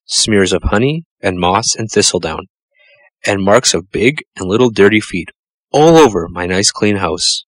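A man narrating a children's storybook in a measured, gentle storytelling manner. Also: on the low side, no echo, rough recording. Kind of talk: storybook reading.

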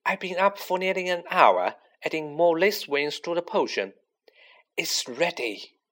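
A man's voice: on the high side, very animated, unhurried, a bit bright, voice pushed up. A man reading aloud and voicing a clever, bossy schoolgirl witch in a storybook, with an eager and precise manner. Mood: brisk.

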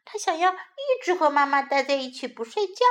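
A woman reading a bilingual children's bedtime story aloud, slow and soothing. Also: sits high, sing-song, fairly bright tone.

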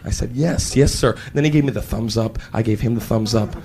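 A man doing a stand-up comedy routine, animated and acting out scenes with silly voices in front of a live audience. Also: on the low side, quick pace. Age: 19 then, now adult. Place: stage before a live audience. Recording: live club with loud crowd laughter and noise.

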